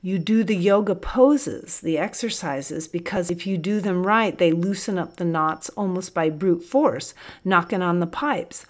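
A woman voicing an eager male army captain who talks excitedly and quickly. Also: fairly low pitch, close to an everyday voice. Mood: explaining.

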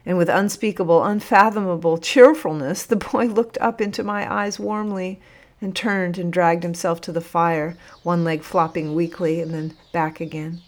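A woman narrating a first-person audiobook in a measured, emotional storytelling manner. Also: lowish voice.

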